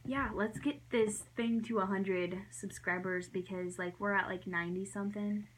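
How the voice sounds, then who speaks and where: A young woman chats straight to the camera in a casual story-time vlog, her voice sitting at an ordinary middle pitch. She rambles through the story, giggles often and slips into soft whispers for her asides. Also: steady tone, moderate pace, slight background noise. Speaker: vlogger.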